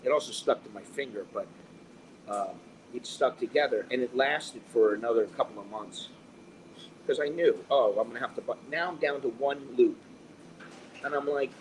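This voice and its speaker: American guy ranting at a cafe, swears a lot, keeps restarting, mid pitch, bit of cafe noise behind. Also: normal speed, far from the mic, poor audio. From United States. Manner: rambling, profane, restarts often. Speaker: vlogger. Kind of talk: casual chat.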